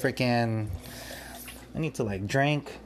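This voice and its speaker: A man's voice: mid-range voice, slow pace, a little hiss or hum. A man who manages a restaurant kitchen tells a work mishap in a casual podcast. He rambles, restarts his sentences and laughs nervously, still shaken and anxious. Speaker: restaurant back of house manager.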